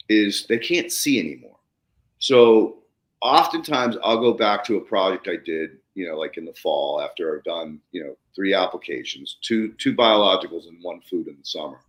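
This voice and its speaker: A man hosting a podcast, telling stories casually and animatedly, swearing freely and jumping up in pitch when he acts out excitement. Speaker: podcast host. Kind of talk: casual storytelling conversation. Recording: roomy echo.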